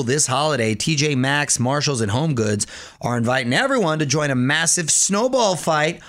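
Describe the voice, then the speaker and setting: Guy hosting a radio show, jokey and animated, kinda high voice. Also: normal speed, background noise. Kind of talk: casual radio banter.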